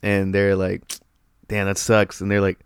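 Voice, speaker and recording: A man telling a story in casual chat, animated and profane, laughing often. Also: deep voice, a little slow, clean tone, no room sound, clean studio sound.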